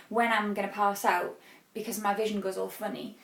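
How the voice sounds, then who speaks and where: A young British woman telling a story in a casual home vlog, chatty and animated, acting out what she said. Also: mid-range voice, brisk. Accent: British English. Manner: chatty, animated, acts out her own past words. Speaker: vlogger. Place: home, indoors.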